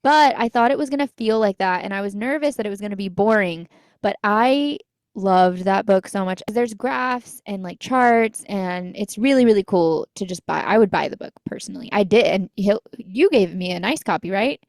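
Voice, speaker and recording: A woman's voice: medium pitch, moderate pace, dry recording. Chatty young woman, dry close sound. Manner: chatty and enthusiastic, playful jabs. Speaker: podcast co-host. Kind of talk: casual chat.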